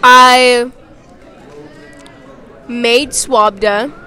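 Bright sharp voiced girl going um um um, rambling, slightly high. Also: fairly even intonation, drawn-out words, a faint crowd. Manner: rambling with many filler ums. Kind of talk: casual chat among friends.

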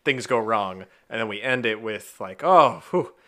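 Bright-voiced man brainstorming on a podcast. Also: fairly low pitch, fairly even intonation, moderate pace. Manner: enthusiastic, full of filler words. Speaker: podcast co-host. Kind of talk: casual brainstorming chat.

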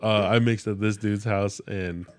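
A man co-hosting a podcast in casual chat, an animated storyteller who laughs often and acts out dialogue. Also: on the low side, measured pace. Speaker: podcast co-host.

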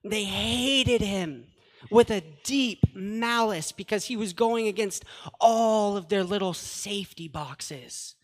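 A pastor with a high-pitched voice preaches slowly, earnest and conversational, dropping plain paraphrases and asides into the scripture he reads. A long hall reverb trails his words.

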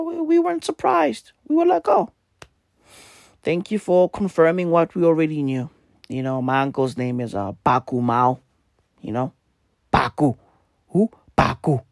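A man hosting a podcast, with a hoarse, worn-out voice and low energy, talking in a casual, profane comedic rant. He keeps tagging his lines with slang and "right?". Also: no room sound, clean studio sound. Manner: profane, repetitive, tags lines with "bruv" and "right?". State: hoarse, voice nearly gone. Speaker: podcast host.

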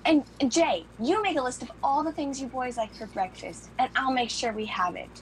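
An actress playing a childlike, eager adult daughter who coaxes and pleads in run-on sentences. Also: female voice, high-pitched, moderate pace, a little hiss or hum, close to an everyday voice, rough recording. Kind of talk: film drama acting.

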